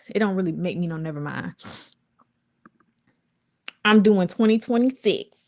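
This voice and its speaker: Casual woman vlogger, lowish voice, chatty and rambling. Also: a little mellow. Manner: chatty and candid, rambling with frequent asides and quoted voices. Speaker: vlogger and livestream host. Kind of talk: casual chat to viewers.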